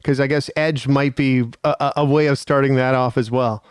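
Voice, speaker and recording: A man hosts an interview, asking his questions in a hesitant way with plenty of fillers. His voice is smooth and resonant. It is recorded dry and close, with no room echo. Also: medium pitch, little pitch movement, moderate pace. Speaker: interview host.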